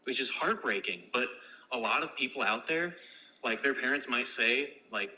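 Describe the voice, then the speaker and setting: A man's voice: mid-range voice, expressive, normal speed, bright, forceful tone, poor audio. A man in a casual podcast discussion, rambling earnestly with lots of fillers.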